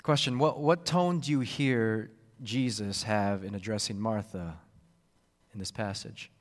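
A man preaching a sermon, expressive and repetitive, acting out the voices he quotes. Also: on the low side, a little slow, big-room sound. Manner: expressive, acts out quoted voices, repeats words. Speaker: pastor.

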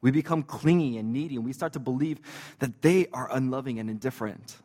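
A man's voice: mid-range voice, brisk, a little mellow. A male pastor preaches in an easygoing, chatty way, dropping fillers and little jokes between points. His voice sits in a middle register, and it rings out with the long reverb of a church hall. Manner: conversational and joking, with casual fillers. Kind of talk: sermon.

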